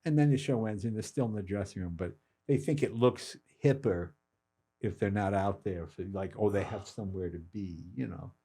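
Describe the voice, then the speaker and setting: An older man, a comedian guest, telling casual anecdotes with quick asides and acted-out quotes. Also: lowish voice, mellow. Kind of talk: casual storytelling.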